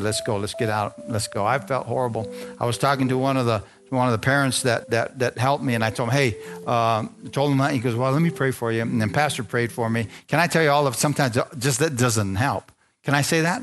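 Man preaching a testimony over soft music. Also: mid-range voice. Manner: storytelling, acts out dialogue, asks the congregation. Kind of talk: sermon testimony.

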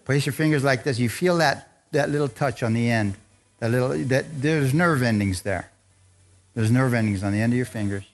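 A man's voice: medium pitch, moderate pace. Older man preaching a fervent sermon. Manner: fervent, leads congregation in call-and-response and prayer. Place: church service.

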